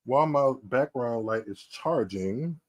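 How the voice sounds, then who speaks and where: Streaming from a small room at home, an American man with a medium-pitched voice hosts a tennis podcast and reacts to pictures. He laughs a lot and exclaims in a slow, drawn-out, animated way, and no room sound comes through.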